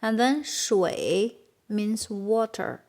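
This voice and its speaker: A woman with a Chinese accent, a native Chinese speaker, teaching a beginner language lesson and patiently repeating words slowly for learners. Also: mid-range voice, animated, darkish tone.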